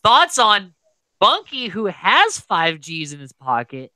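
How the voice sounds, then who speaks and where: A man hosts a casual recap podcast, his voice jumping around in pitch as he acts out what others said. The tone is bright and pushy, and the recording is close and dry. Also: takes it slowly, no room sound. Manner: animated, acts out quotes with big pitch jumps. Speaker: podcast host.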